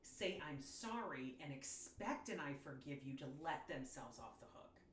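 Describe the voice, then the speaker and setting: Lively New woman in an echoey room. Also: low-pitched, normal speed, slight background noise. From New York. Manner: lively storyteller, acts out quoted arguments. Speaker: podcast co-host. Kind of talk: casual chat.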